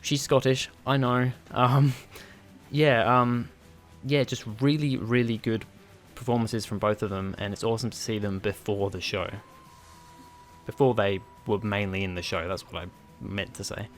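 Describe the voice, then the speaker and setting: A man's voice: lowish voice, little pitch movement, normal speed, soft background music. Chatty man reviewing an episode. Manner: enthusiastic, chatty, rambling. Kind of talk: casual video review.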